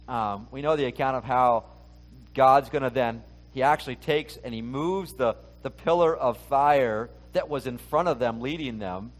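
Guy preaching kind of chatty, a bit high pitched, keeps asking the room questions. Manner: casual, asks many rhetorical questions. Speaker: pastor. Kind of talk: conversational sermon.

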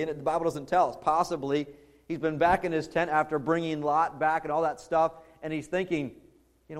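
A male pastor preaching a conversational sermon that builds to loud, emphatic peaks. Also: a little high.

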